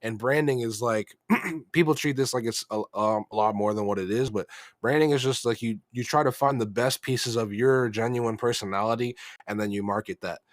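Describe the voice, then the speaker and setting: A young American man, a rap artist, answering interview questions in a monotone, halting way, with many fillers and restarts. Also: mid-range voice, no room sound. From United States.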